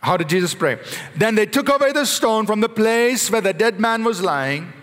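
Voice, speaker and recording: This man is a pastor giving a lively sermon; his delivery slows and climbs in pitch as he speaks prayers aloud. The sound has a long, hall-like reverb.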